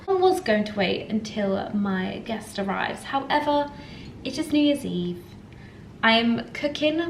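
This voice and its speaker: A woman's voice: medium pitch, a little hiss or hum. A young woman, chatting casually and gushingly in a lifestyle vlog at home. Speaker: lifestyle vlogger. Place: home, indoors. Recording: echoey home room with faint ambience.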